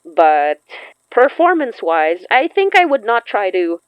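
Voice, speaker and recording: A woman co-hosting a podcast about her audio drama, talking in a quick, chatty way and laughing often. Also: medium pitch, sing-song, smooth, no room sound, highs cut off. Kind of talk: casual chat.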